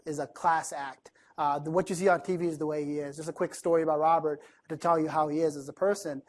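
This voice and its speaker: A man from the East Coast of the United States giving a conversational keynote talk to a room of listeners, chatty and lively, often asking the audience questions. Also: fairly high pitch. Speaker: keynote speaker.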